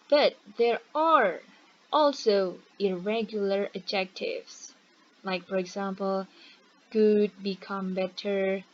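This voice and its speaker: A woman's voice: medium pitch, a little mellow. A young woman teaching an English grammar lesson online, patiently checking in with her students. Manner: patient, checks in with "okay?" and "right?". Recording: dull lo-fi recording with faint hiss.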